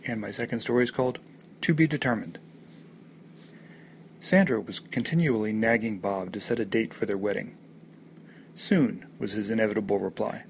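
Gravelly man reading his short stories. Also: on the low side, fairly quick, slight background noise. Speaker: story contributor.

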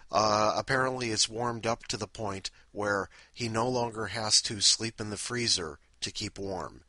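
A man's voice: lowish voice, a little slow, few pauses, sharp tone, no echo. A man hosting a podcast in casual, rambling, self-deprecating chat. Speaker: podcast host.

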